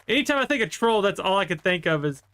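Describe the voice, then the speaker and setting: A man's voice: high-pitched, very animated, quick pace, a bit bright, smooth. A man livestreaming a game, chatting casually and rambling through a story with many fillers. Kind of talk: casual chat while gaming.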